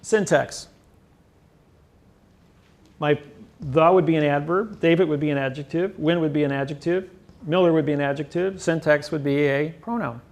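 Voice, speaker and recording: A man gives a rambling lecture and boasts as he goes, his voice gravelly with fry. He speaks a little higher than most men and leans hard on his words. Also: brisk. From United States. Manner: boastful, emphatic, rambling self-praise. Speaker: seminar lecturer. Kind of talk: lecture on grammar.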